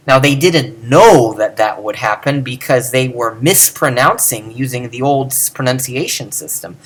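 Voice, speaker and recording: A man talks through a lesson in a relaxed, unscripted way. He muses aloud, fills pauses with ums and catches and fixes his own slips. His pitch sits in an ordinary middle range. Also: husky. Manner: musing, self-correcting, with many ums. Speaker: teacher. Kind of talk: casual lecture.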